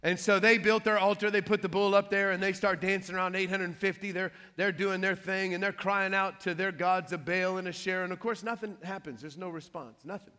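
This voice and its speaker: A man preaching a sermon, telling a Bible story with lively, joking asides. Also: sits high, brisk, hardly any pauses, big-room sound. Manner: lively storytelling with playful trash-talk asides. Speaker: pastor.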